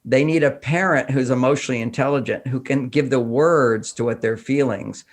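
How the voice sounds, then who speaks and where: A man from Texas speaking as a guest in a conversational interview, with a voice of middling pitch. He talks animatedly and slips into acted-out dialogue to make his points. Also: moderate pace. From Houston, Texas. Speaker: podcast guest.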